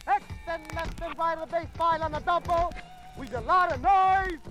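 A man's voice: very high voice, fairly even intonation, moderate pace, over loud music, rough recording. A man working as a physical training instructor, barking drill counts and taunting the recruits. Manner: shouting, taunting. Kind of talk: barked drill commands.

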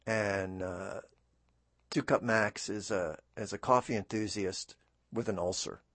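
A man's voice: fairly low pitch, fairly even intonation, unhurried, a bit bright, no room sound. A man hosting a radio talk show in a studio, rambling in a chatty, self-deprecating way with many fillers and restarts. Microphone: studio microphone.

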